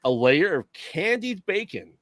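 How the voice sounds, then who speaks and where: A man co-hosting a podcast, chatting casually and explaining things in a relaxed, easygoing way. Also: high-pitched, a little slow, dry recording, soft background music. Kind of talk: casual chat.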